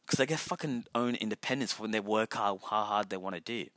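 Young aussie bloke rambling on his podcast, swears a lot, lowish voice, super dry close mic. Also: fairly quick, a bit bright, no echo. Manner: rambling, self-mocking, swears often. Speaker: podcast host. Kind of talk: casual solo podcast monologue.

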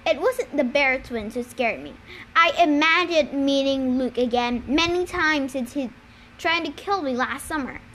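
A woman's voice: high-pitched, measured pace, a bit bright, slight background noise. A woman reading a novel aloud, with small stumbles and self-corrections along the way. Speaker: reader.

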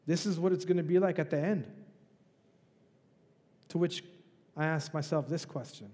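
A man's voice: fairly high pitch, normal speed, dark tone, long reverb tail. A male pastor preaching a sermon in a conversational, emphatic way, with rhetorical questions. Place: church.

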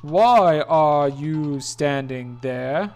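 A gamer voicing a grave, slow-speaking glowing eyeball spirit in a video game playthrough, with faint game music behind. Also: medium pitch, expressive, a little mellow. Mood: menacing. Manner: slow, solemn pronouncements.

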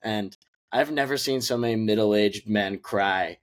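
With a lowish, unhurried voice, this young podcast co-host talks movies in a relaxed way. He wanders through his thoughts, often restarting sentences and leaning on filler words.

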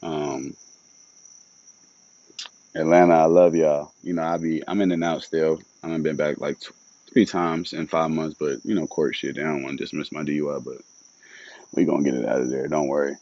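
A man's voice: a bass voice, steady tone, fairly quick, darkish tone, dull audio. A young man hosting a solo podcast, rambling casually with loads of slang and swearing. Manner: loose, rambling and upbeat, with lots of slang and swearing.

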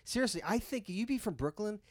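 A man co-hosting a casual podcast, playful and teasing, quick to laugh at his own jokes. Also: high-pitched, lively intonation, darkish tone, dry recording, studio quality. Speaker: podcast co-host. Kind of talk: casual joking chat.

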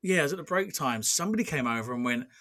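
A man hosting a casual chat, a booker who retells events with animated reactions. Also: on the high side, racing. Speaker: wrestling show booker and podcast host.

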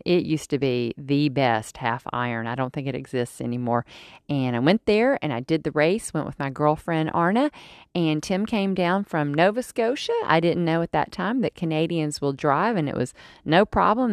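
A woman in her forties hosting a podcast, telling a personal story in a chatty, animated way with fillers and restarts. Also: fairly low pitch, dry recording, studio quality. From United States. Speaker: podcast host. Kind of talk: casual storytelling monologue.

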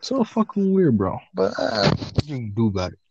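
A man's voice: medium pitch, very animated, moderate pace, noisy background. A young man co-hosting a casual podcast chat, swearing a lot and laughing often while retelling things. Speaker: podcast co-host. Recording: dull lo-fi audio.

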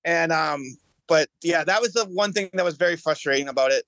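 A man's voice: a little high, brisk, fairly bright tone, no echo. A man, a guest on a podcast, telling his story in earnest, often restarting and repeating words. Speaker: guest, bowling champion. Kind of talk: casual podcast chat.

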